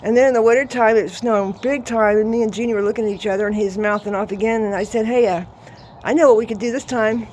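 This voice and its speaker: A woman in her sixties spinning a rowdy tale in her yard, salty and quick to laugh. She talks casually at a middling pitch. Faint noise hangs behind her outdoors. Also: fairly even intonation, a little mellow. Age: 60s. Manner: laughing, salty, boisterous storyteller. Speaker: vlogger. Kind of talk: casual storytelling.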